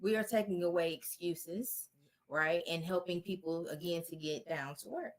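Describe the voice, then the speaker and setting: Earnest woman therapist, lowish voice. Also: moderate pace. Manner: earnest, encouraging, direct. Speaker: relationship therapist guest. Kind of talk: interview answers.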